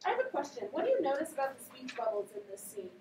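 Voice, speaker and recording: High-voiced teacher in an echoey classroom. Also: female voice, very fast. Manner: animated, questioning students. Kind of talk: classroom read-aloud and discussion. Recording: echoey classroom, voice from a distance, faint background noise.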